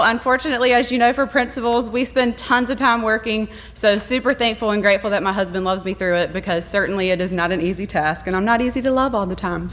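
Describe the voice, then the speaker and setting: Accepting an award before a gala hall audience, a woman who is an elementary school principal gives a heartfelt speech that rambles. Her voice is medium in pitch and a bit bright.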